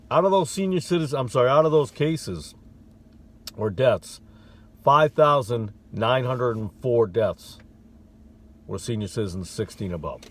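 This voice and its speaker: A man in a casual talk to camera from his car, rattling off statistics in a quick, offhand way. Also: mid-range voice, a little hiss or hum. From Connecticut, USA. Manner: rapid, offhand, rattling off figures. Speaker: vlogger.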